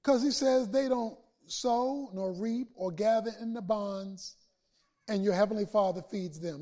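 A man a sermon to his congregation, building from steady talk to shouted peaks and back down. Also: high-pitched. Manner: preaching with swells to shouts and dramatic pauses. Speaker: pastor.

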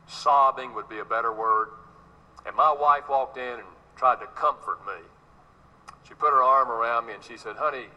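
Bright-voiced preacher telling a story. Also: male voice, on the low side, poor audio. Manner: storytelling preacher, addresses congregation directly. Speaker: pastor. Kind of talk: sermon.

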